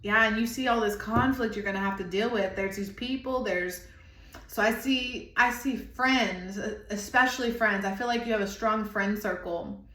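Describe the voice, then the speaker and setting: A woman's voice: mid-range voice, moderate pace, a bit bright. A woman in her thirties giving an intuitive tarot reading, emotional and rambling as she searches for words. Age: 30s. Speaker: tarot reader. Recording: echoey room.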